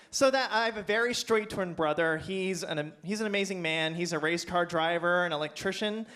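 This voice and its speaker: Male stand-up, high voice, campy and animated, club stage on a handheld mic. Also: moderate pace, few pauses. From Pennsylvania. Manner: campy, animated, playful with the crowd. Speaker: stand-up comedian. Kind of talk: stand-up set.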